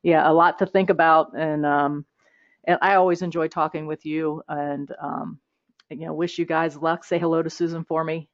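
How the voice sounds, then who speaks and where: A chatty woman hosts a relaxed interview over a video call, laughing often and restarting her sentences as she goes. Her voice sits a little low. The audio is a bit dull and muffled. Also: normal speed. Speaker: host. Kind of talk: casual interview chat.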